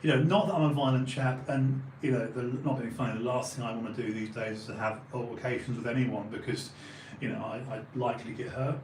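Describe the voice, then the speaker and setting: A man's voice: mid-range voice, fairly even intonation, a little fast, darkish tone, a little hiss or hum. Man, 40s, Essex-London accent, podcast host, casual storytelling, swears a lot, acts out the people in his story, echoey room. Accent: Essex and London English.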